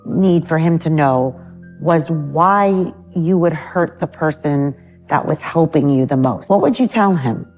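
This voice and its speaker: A woman interviewer with a very low voice asks direct, probing questions. She conducts a documentary interview while faint music plays underneath. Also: measured pace, darkish tone.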